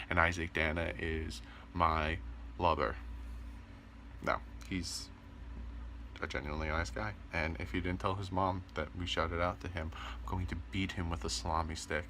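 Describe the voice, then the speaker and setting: A young man talks to his camera from his bedroom in a casual, rambling vlog style, joking and stumbling over fillers. His voice sits low yet bright and forward. A faint room ambience hums behind him. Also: a little hiss or hum. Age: 20s. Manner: rambling, joking, full of ums. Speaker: vlogger.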